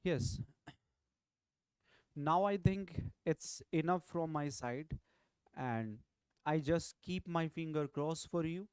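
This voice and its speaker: A man with an Indian English accent teaches vocabulary in an online exam-prep session, repeating key phrases and asking "right?" now and then. His slightly high, somewhat mellow, clean voice moves slowly with frequent pauses, and there's no room sound.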